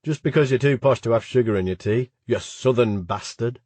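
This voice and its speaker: A man's voice: mid-range voice, fairly quick, a little mellow, no room sound, lightly acted. A man voicing a crude, cheerful young male student with a Yorkshire accent, blunt and swearing.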